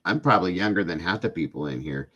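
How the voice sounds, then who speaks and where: A man's voice: low voice, lively intonation, quick pace, fairly bright tone, husky, dull audio. A middle-aged man hosting a casual live stream, chatting with viewers and often breaking into laughing fits. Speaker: livestream host chatting with viewers.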